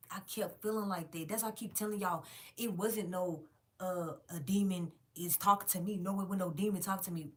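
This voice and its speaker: A woman, casually and profanely telling viewers a long story about a job. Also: on the low side. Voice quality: frank, profane, animated storytelling.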